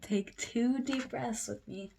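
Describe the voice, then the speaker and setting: A woman's voice: fairly high pitch, slow pace, gravelly, mellow, a little hiss or hum. Brief: young woman teacher, kids' circle-time read-aloud, playful, trips over tongue twisters. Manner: playful, stumbling through tongue twisters, talking to young viewers. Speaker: teacher reading aloud to children. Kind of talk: children's storybook read-aloud.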